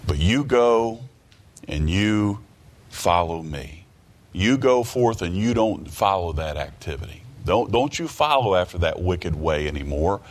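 Low-voiced guy preaching, keeps repeating himself and asking "okay?", reads old bible verses. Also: lively intonation, unhurried. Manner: repeats phrases, asks rhetorical questions; reads scripture aloud in King James wording. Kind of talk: sermon.

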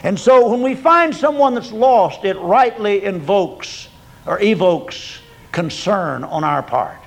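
Folksy, gravelly older preacher. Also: male voice, lively intonation, slow, low-quality recording. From Oklahoma. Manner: folksy storytelling, swinging from loud emphatic peaks to quiet low drops. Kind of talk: sermon.

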